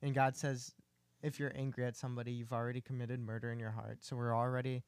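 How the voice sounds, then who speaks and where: A man's voice: medium pitch, little pitch movement, quick pace, clear, resonant tone, no echo. A man in a casual faith discussion, earnest and building up his points with emphasis.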